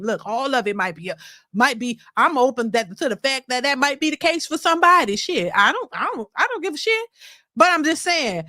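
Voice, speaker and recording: A woman hosts a casual reaction commentary with a high, bright-pitched voice. She rants emphatically and profanely, often stumbling and repeating words. The sound is dry and close. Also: no echo. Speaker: host.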